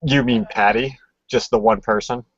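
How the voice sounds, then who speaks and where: A man co-hosting a live stream, teasing the others with quick jokes. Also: medium pitch, steady tone, fairly bright tone, slightly rough, dry recording. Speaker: podcast co-host. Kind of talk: casual banter. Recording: dry, dull lo-fi audio.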